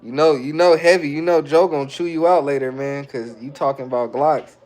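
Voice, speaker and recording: A man streaming live and answering his viewers' chat in a relaxed, slangy way, often breaking into chuckles. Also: on the high side, brisk. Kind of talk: casual livestream chat.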